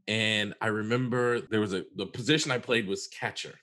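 A man's voice: fairly low pitch, fairly even intonation, moderate pace, pushed and bright. Earnest man telling a story. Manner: earnest, emphatic, repeats words for stress. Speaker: therapist and podcast co-host. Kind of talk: conversational storytelling.

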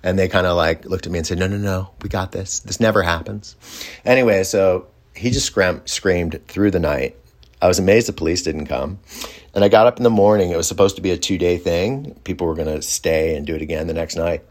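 A man's voice: deep voice, brisk, a little mellow. A man telling a personal story in a casual, reflective way, rambling with fillers and restarts. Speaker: storyteller recounting a personal experience.

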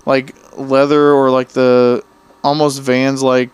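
A male podcast co-host in casual chat. His voice is smooth and clear at an ordinary pitch. He rambles through long anecdotes and acts out the people he quotes. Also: flat delivery, takes it slowly, no room sound.

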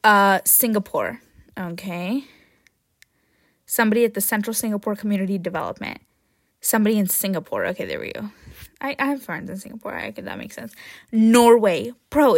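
A woman hosting her own podcast in a casual, jokey chat, often tagging "right?" and "um", with sudden excited jumps in pitch and loudness. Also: no echo, clean studio sound. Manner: chatty and jokey, with frequent "right?" and "um". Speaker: podcast host.

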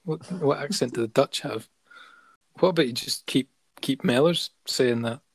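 A man's voice: mid-range voice, moderate pace, creaky, breathy edge, dry recording. Guy on a footy podcast, swears a lot, jokey, dry close sound. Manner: joking, sweary, protesting. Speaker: podcast co-host. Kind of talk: casual banter.

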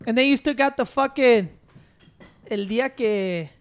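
A man's voice: extremely high pitch, a little slow. A man telling stories in casual chat, rambling and profane. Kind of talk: casual chat, mixing Spanish and English.

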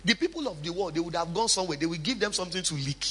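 A man's voice: high-pitched, rapid-fire, a bit bright, slight background noise. A male pastor preaching a sermon, with emphatic swings and chatty asides to the congregation.

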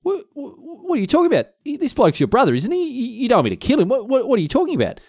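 A man's voice: very high voice, huge pitch swings, rapid-fire, darkish tone, no room sound, clean studio sound, voice pushed up, full character voice. A man voicing a blustering, frustrated earl, spluttering and stammering in disbelief. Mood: flustered, disbelieving.

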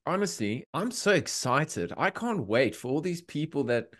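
An Australian man in a casual podcast chat, talking in an animated, emphatic way. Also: fairly high pitch, normal speed.

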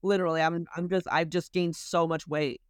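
This thirties-aged woman guests on a podcast, speaking fairly quickly in a lowish voice with a flat delivery. Even so, the interview chat is casual and animated, full of laughter and her acting out of her inner voice. It's clean studio sound with no echo.

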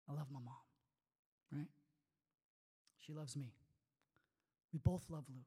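A man preaching a sermon as a pastor, conversational and animated, full of rhetorical questions. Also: on the high side, moderate pace, long pauses, slightly rough, in a large hall.

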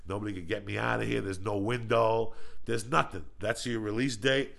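A man's voice: on the low side, steady tone, moderate pace, vocal fry, fairly bright tone. A man hosting a podcast, telling stories in a blunt, profane, casual way. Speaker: podcast host. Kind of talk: casual chat.

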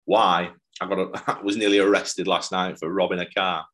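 A man's voice: low voice, little pitch movement, moderate pace, fairly bright tone. A young adult man in casual chat, telling stage-touring stories with frequent laughs. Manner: chatty anecdote-telling with laughs.

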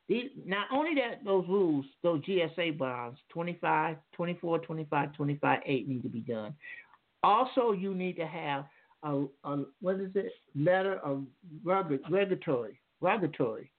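A man's voice: sits high, animated, moderate pace. A man calling in to a radio talk show, explaining at length in a rambling, lecturing way with many restarts. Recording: tinny phone line.

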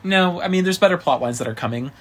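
A man's voice: sits high, animated, quick pace. Chatty male podcast co-host, full of fillers. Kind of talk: casual chat.

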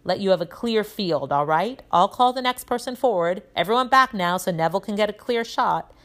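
A woman voicing a calm, kindly male magic professor who gives brisk, encouraging instructions to his class. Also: medium pitch, close to an everyday voice.

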